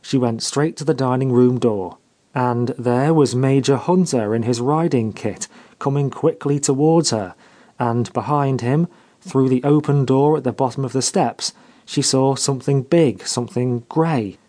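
Mellow-voiced man reading a story. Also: mid-range voice, a little slow. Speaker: narrator.

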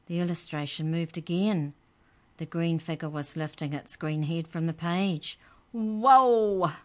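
A woman reads a children's story aloud with slow, expressive narration. Her voice is low and unhurried.

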